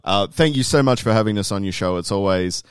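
A man's voice: lowish voice, fairly quick, clean tone, no echo, clean studio sound. An Australian man, a podcast co-host appearing as a guest, chatting casually and hunting for words as he rambles. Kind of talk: casual chat.

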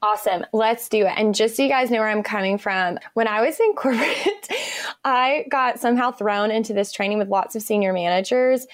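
A woman's voice: fairly high pitch, fairly quick, no room sound, clean studio sound. Chatty, enthusiastic woman guest. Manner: enthusiastic, chatty, laughs often. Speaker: guest, business owner. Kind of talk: podcast interview storytelling.

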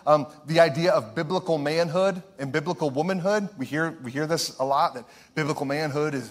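A man's voice: a little high, brisk, few pauses, a bit bright. A male pastor from Ohio preaching a sermon in an earnest, emphatic way, repeating his key phrases.

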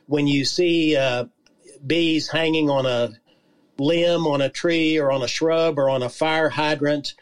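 A man's voice: a little high, steady tone, unhurried, smooth. A man, a beekeeper and gardener, telling anecdotes in an easygoing way. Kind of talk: casual chat.

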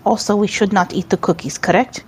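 A woman's voice: mid-range voice, steady tone, fairly quick, a little hiss or hum. A woman playing her character in a tabletop game, blunt and wry as she bargains. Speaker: player.

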